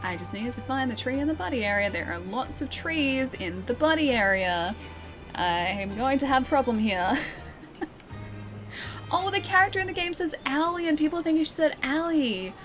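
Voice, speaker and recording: A woman's voice: high-pitched, animated, normal speed, a bit bright, soft background music. A young woman live-streaming a game, chatting with her viewers in a giggly, teasing way. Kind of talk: live-streamed gameplay chat.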